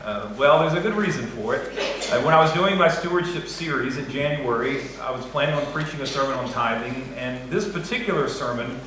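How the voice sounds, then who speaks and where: A man's voice: medium pitch, expressive, a little fast. A man preaching a sermon as pastor, conversational and joking with the congregation, in a church sanctuary. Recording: echoey church hall, faint noise.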